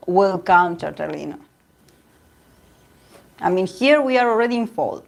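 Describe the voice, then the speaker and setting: A woman's voice: lowish voice, lively intonation, a little slow, vocal fry. A woman from Argentina with an Argentine Spanish accent, a Spanish native speaker chatting casually and rambling with viewers on her tarot livestream. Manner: chatty and rambling, with frequent laughs and restarts. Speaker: tarot reader and channel host.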